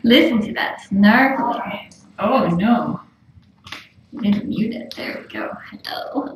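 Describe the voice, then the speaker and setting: A woman's voice: medium pitch, animated, slow pace. A woman cooing and half-whispering to kittens while chatting casually on a live stream. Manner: soft cooing baby talk, often whispered. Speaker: cat rescuer streaming live. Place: room with kittens. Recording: echoey room, far from mic, faint noise.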